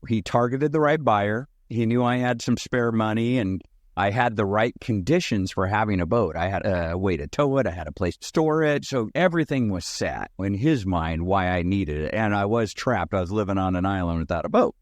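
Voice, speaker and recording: A man guesting on a podcast, telling an animated anecdote in a conversational way. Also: fairly low pitch, moderate pace, no room sound, studio quality. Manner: animated anecdote teller who acts out both sides. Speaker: podcast guest, sales consultant. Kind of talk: conversational storytelling.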